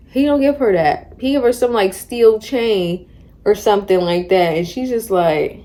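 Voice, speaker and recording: Young woman, book vlogger, warm mellow tone, slangy lively recap. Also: mid-range voice, normal speed. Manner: chatty, slangy, animated retelling. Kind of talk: casual book discussion.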